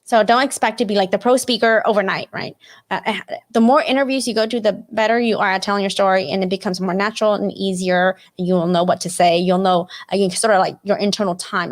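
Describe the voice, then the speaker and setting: A woman's voice: medium pitch, steady tone, fast. A woman hosting a live career webinar over a video call, talking casually with lots of fillers and frequent "right?" checks. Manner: chatty, many fillers like "like" and "you know", frequent "right?" tag questions. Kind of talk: casual instructive webinar talk.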